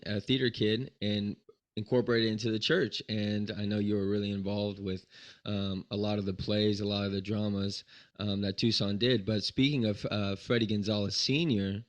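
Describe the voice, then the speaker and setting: Male podcast host, low and flat-toned, casual interviewer who affirms often. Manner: affirming, repeats short reactions.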